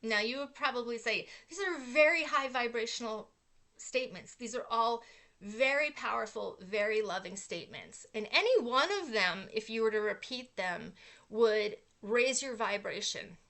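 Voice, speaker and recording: A woman's voice: fairly high pitch, moderate pace. A middle-aged woman hosting a casual inspirational talk, telling a personal story earnestly, with fillers. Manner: earnest storytelling with fillers, animated when acting out quotes. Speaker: host.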